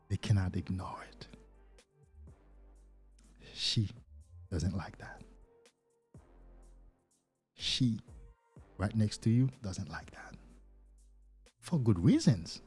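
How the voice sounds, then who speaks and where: Man with a low, dark, husky voice. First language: not English. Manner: animated, acting out little scenes in other voices. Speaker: life coach. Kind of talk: livestream talk to viewers.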